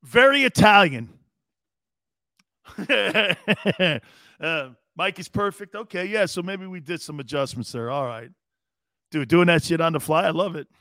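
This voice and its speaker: High, bright-voiced joking man host. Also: no room sound, clean studio sound. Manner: animated, joking, profane, quick to laugh. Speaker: sports talk show host. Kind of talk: live streamed sports talk, reading chat. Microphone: studio mic he adjusts himself.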